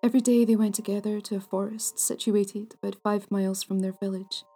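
A woman narrating old ghost stories in a hushed, measured way, at times near a whisper. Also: medium pitch, steady tone, soft background music. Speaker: storyteller, podcast host.

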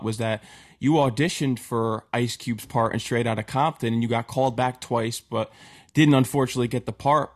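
A man hosting an interview, steadily recapping the guest's background in between short agreements. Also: medium pitch. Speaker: interview host. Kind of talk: interview questions.

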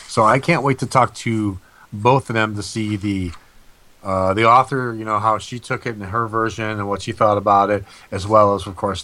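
A man's voice: fairly low pitch, bright, forceful tone, no room sound. A man hosting a paranormal talk show, telling a rambling personal story full of fillers. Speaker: host. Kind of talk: casual storytelling.

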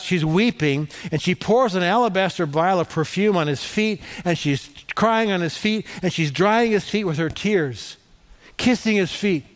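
A middle-aged male pastor preaching a sermon in a conversational, animated storytelling manner. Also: sits high.

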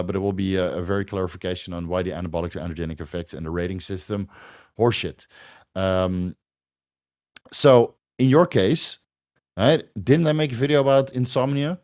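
A man's voice: lowish voice, darkish tone. A man hosting a viewer Q&A, talking bluntly and rambling, with frequent fillers, restarts and swearing. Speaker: host answering viewer questions. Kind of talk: casual Q&A monologue.

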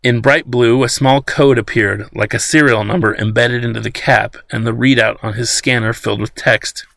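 A man narrating an audiobook in a steady storytelling manner. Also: mid-range voice, moderate pace, gravelly, hardly any pauses, no room sound.

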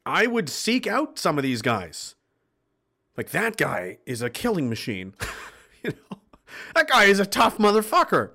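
A man's high, pushed, bright voice swoops wildly in pitch, and he speaks unhurriedly with long pauses. Hosting a livestream, he reads chat comments and delivers a profane, blunt, impassioned political rant.

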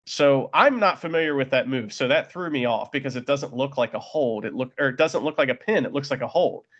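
A man's voice: medium pitch, fairly quick, a bit bright, lo-fi sound. A man co-hosting a casual wrestling podcast, chatty and recapping matches with acted-out asides. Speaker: podcast co-host.

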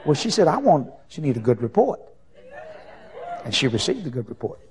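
A man preaching a sermon as an evangelist, telling folksy anecdotes in an animated way. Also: mid-range voice, brisk, some chatter behind. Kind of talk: sermon storytelling.

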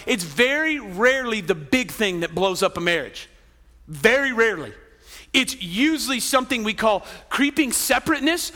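A man's voice: high voice, sharp tone. A man preaching a sermon as a pastor, conversational, with joking asides and frequent "right?" tags. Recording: long hall reverb.

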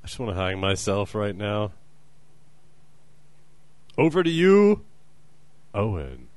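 A man's voice: on the low side, wildly swooping pitch, slow, no echo. A young man co-hosting a comedy podcast, dry and exasperated. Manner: theatrical, sing-song intro then dry exasperation. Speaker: podcast co-host. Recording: music bed behind.

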